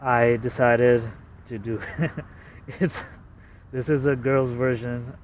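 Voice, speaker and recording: A Canadian man casually walks through his own drawings in a slow, flat, medium-pitched voice, hesitant and self-deprecating with plenty of fillers. He sits far from the mic, and there's slight background noise.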